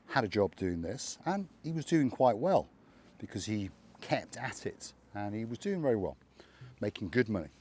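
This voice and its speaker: A man's voice: lowish voice, mellow. An older man hosting his channel, telling a story in a chatty monologue and acting out remembered dialogue. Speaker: channel host. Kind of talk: casual motivational monologue.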